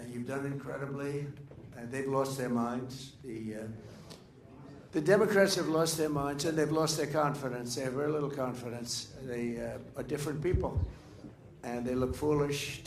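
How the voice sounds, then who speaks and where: A man's voice: medium pitch, a little hiss or hum. An older man giving a rambling, off-the-cuff speech at a dinner, full of fillers and restarts. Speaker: political speaker. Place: dinner event in a large room. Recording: echoey room with faint ambience.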